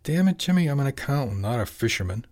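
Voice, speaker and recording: A man's voice: fairly low pitch, brisk, a little mellow, close to an everyday voice. A man doing a fretful, sardonic accountant. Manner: colloquial, objecting. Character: worried sardonic middle-aged male accountant.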